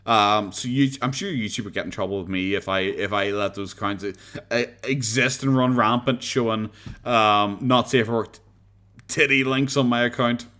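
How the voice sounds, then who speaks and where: A man's voice: on the low side, normal speed, pushed and bright. An Irish man chatting casually to his livestream audience. He swears freely and laughs often, and he leans in and out of his desk microphone. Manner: profane, laughs often, talks to chat. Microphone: desk microphone, leaning in and out.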